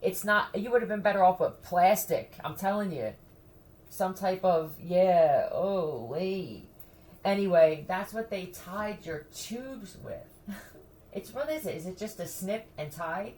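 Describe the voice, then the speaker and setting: A woman's voice: lowish voice, animated, unhurried, a little mellow, a little hiss or hum. A woman chatting casually with her viewers, blunt and profane, often breaking into laughter. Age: adult who has a son.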